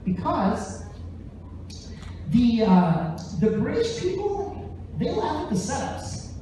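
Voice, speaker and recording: A man doing animated stand-up storytelling on a live theater stage, jumping into voices as he tells it. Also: very high-pitched, slow pace, a little hiss or hum. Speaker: stand-up comedian and musician. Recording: very echoey theater, distant mic.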